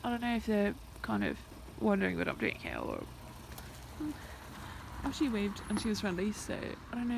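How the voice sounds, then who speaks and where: A young woman chatting nervously to the camera while walking on a rural hill, often dropping to a whisper. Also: on the high side. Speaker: vlogger. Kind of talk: casual walking vlog. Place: outdoors on a rural hillside. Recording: noisy outdoor recording.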